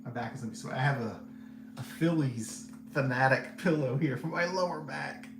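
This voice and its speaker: A man's voice: medium pitch, a little fast, vocal fry, music in the background. A man hosting a podcast, giving casual, candid movie reviews in a rambling way and laughing often. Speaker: podcast host reviewing films. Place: seated indoors. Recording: roomy echo, faint background hum.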